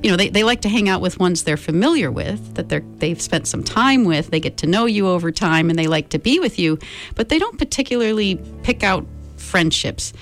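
A woman's voice: mid-range voice, lively intonation, brisk, soft background music. A woman reading a picture book aloud as storyteller, talking directly to her listeners in a friendly way.

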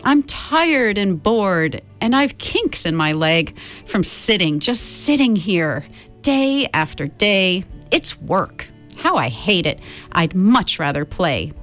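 A woman's voice: mid-range voice, big pitch swings, slow, fairly bright tone, soft background music. A woman voicing a lazy, bored female bird in a read-aloud picture book, pleading in a sing-song way. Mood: wheedling.

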